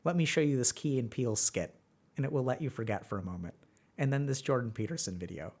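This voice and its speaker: A personified video site that whispers to you like a doting lover, as a man puts it on. The voice drops low and soft, crooning and coaxing, endlessly tender and tempting. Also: fast talker, close to an everyday voice. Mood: crooning, seductive. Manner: coaxing and tender, luring the listener home.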